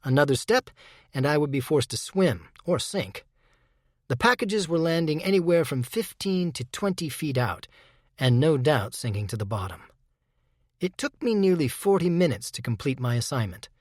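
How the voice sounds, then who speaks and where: A man reading a first-person audiobook chapter in a measured, even manner, with a dark undertone. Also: fairly high pitch, dry recording, studio quality. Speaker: audiobook narrator.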